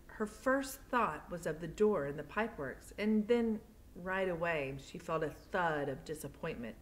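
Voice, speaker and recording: A young woman teacher chatting playfully with her students, then reading a novel aloud to them in steady narration. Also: lowish voice, slight background noise.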